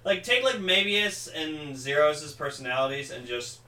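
A young man with a bright, forceful voice, sitting a little back from the mic in an echoey room. He talks casually with lots of fillers and gets excitable, acting out lines as he retells a story. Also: fairly high pitch, moderate pace, recorded from a distance. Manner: excitable, lots of fillers, acts out quotes loudly. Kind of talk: casual podcast chat.

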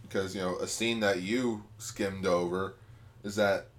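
A man's voice: sits low, steady tone, a little slow. A man co-hosting a podcast, chatting casually about a TV episode and jumping in with asides and jokes. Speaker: podcast co-host. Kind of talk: casual chat recapping a TV episode.

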